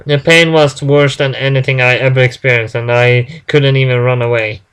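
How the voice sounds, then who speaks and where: A man reading a first-person story aloud in a halting way, stumbling and restarting words often. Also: mid-range voice, steady tone, a bit bright, clean tone. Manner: halting, with frequent restarts and fillers.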